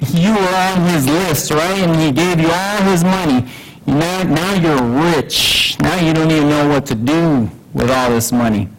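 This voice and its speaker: A man preaching a sermon in an unhurried way, with many fillers and rhetorical questions. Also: high-pitched, slight background noise, rough recording.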